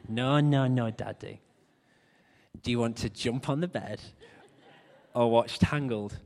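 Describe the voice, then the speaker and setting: A man's voice: mid-range voice, slow pace, a little mellow. A man imitating his stubborn three-year-old daughter, who insistently repeats herself while bargaining.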